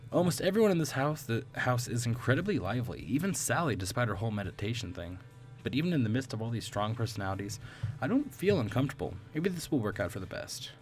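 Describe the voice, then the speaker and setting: A man's voice: mid-range voice, sing-song, fast, faint music behind. A young man reading a visual novel aloud, breaking off for chatty, laughing asides full of ums. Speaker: gaming video creator.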